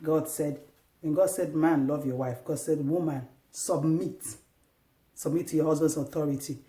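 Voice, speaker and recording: A woman's voice: sits low, fairly even intonation, moderate pace. A woman giving earnest, faith-based marriage advice to wives, exhorting them and acting out little home scenes. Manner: earnest and exhortative, acts out scenes with sharp raised outbursts. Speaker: Christian marriage advice vlogger. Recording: echoey room.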